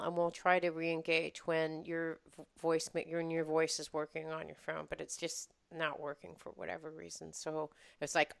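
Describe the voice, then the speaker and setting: Lively storytelling woman, smooth and dry. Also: deep voice, no room sound. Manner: animated storytelling with restarts and laughs. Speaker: podcast co-host. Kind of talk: casual chat.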